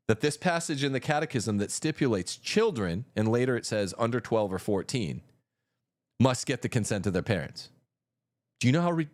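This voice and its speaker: Male livestream host, combative and mocking, lively swinging pitch. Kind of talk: livestream commentary.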